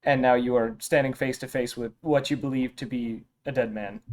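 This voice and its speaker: A man narrates as dungeon master, setting scenes and describing characters in a halting, descriptive way. His voice sits in a middling pitch. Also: fairly even intonation, a little mellow, a little hiss or hum. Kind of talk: narrating a tabletop game.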